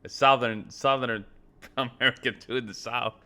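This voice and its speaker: A man co-hosting a reaction video, speaking in a relaxed, reflective way with casual slang. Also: mid-range voice, moderate pace.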